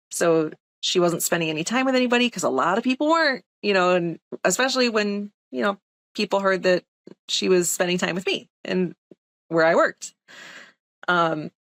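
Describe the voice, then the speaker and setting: A young woman nurse tells a personal story in a relaxed interview, her voice low and gravelly with plenty of vocal fry. She talks in a chatty, emphatic way, full of "like" and "um". The sound is close and dry, with no room echo. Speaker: nurse, podcast guest.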